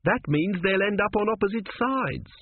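A man voicing a fussy high priest who speaks in a formal, ceremonious way and grows flustered, in an audiobook reading. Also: lively intonation, normal speed, breathy edge, dry recording. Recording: tinny phone-like band, dry.

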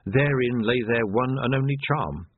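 A man reading a comic novel aloud in an expressive, wry storytelling manner. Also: medium pitch, moderate pace, breathy edge, no room sound. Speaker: audiobook narrator. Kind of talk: storybook narration. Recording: dry, phone-like narrow sound.

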